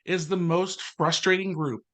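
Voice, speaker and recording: Passionate man, higher voice. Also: steady tone, fairly bright tone. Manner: passionate, fast, with storytelling asides. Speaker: co-host, confirmation teacher. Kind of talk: casual podcast chat.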